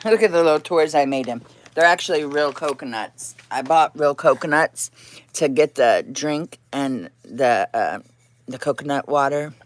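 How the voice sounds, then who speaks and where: At a moderate pace and in a low voice, a woman chats casually on a livestream from her home, the recording dry. She wanders from topic to topic, laughs a lot, and sometimes switches to cooing baby talk for her cat.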